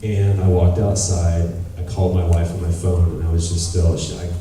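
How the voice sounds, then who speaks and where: A man's voice: sits low, moderate pace, recorded from a distance, slight background noise. A man in his thirties at a convention Q&A, telling candid stories, swearing freely and acting out what people said. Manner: animated, candid storyteller who swears and acts out quotes. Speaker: convention panel guest. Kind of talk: audience Q&A storytelling. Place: large convention hall. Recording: echoey hall taped from the audience.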